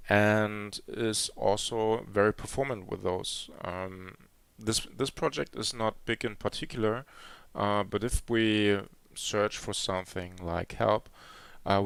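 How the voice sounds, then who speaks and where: A man's voice: fairly low pitch, gravelly, fairly bright tone, smooth, dry recording. A man giving a live coding demo at a conference, talking hesitantly with many fillers and restarts. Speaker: conference speaker. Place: conference hall.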